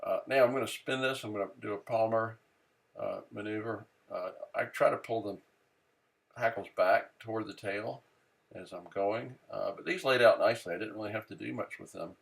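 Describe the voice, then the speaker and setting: Low gravelly man explaining a craft. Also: normal speed. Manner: relaxed, many "uh" fillers, thinking aloud while working. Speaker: fly tying instructor. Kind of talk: casual how-to narration.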